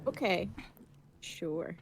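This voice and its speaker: A woman's voice: on the low side, lively intonation, very slow, husky. A woman co-hosting a podcast, reacting in casual chat with wry, incredulous remarks. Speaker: podcast co-host.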